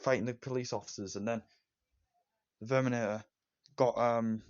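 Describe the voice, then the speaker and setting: A man's voice: medium pitch, steady tone, normal speed, darkish tone. A man giving a casual, rambling movie review, enthusiastic and repetitive, with many fillers and restarts. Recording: dull lo-fi recording.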